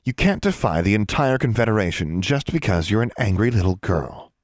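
Guy reading a frosty older witch lady, low voice, calm and cold. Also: a little fast, breathy edge, no echo, studio quality, exaggerated voice. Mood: warning. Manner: cold, clipped, calmly threatening. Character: stern, icy older female witch inquisitor. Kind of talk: audiobook character reading.

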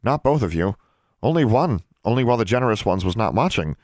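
A man's voice: on the low side, very animated, fast talker, darkish tone, no echo, studio quality, pitched above the performer's own voice. A man voicing a timid, scarred male house elf who mumbles and quavers in broken grammar. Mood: pleading.

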